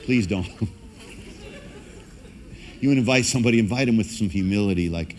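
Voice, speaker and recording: A male pastor preaching a lively sermon, acting out quoted voices as he goes. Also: fairly low pitch, normal speed, pauses often, a little hiss or hum. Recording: long hall reverb.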